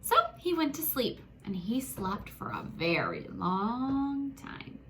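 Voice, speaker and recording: Animated woman reading a children's story. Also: fairly high pitch, slow pace, noisy background. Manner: animated, gasping, talks to listeners as friends. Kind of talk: expressive children's story read-aloud.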